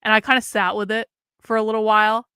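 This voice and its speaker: A woman's voice: medium pitch, flat delivery, fast, sharp tone, smooth, no room sound, studio quality. A woman streaming a casual, candid monologue, swearing freely and laughing often, with an American accent. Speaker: streamer and commentator.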